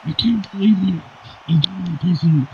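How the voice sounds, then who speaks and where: Guy doing hyped-up wrestling play-by-play, kinda high voice, muffled lo-fi audio. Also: normal speed. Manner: excitable, with sudden high shouted outbursts. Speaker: wrestling commentator. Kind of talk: play-by-play commentary. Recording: dull lo-fi recording with faint hiss.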